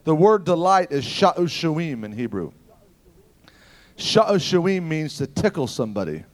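A man preaching a sermon, telling stories in an animated way that swings from loud exclamations to hushed asides. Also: fairly high pitch, a little slow.

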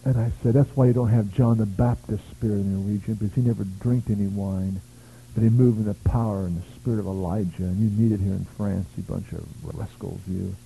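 A man's voice: lowish voice, steady tone, fast, a little hiss or hum. A man from the United States preaching a revival sermon, telling stories with bursts of praise. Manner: emphatic, storytelling, shouts of praise. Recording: tinny lo-fi phone-like audio.

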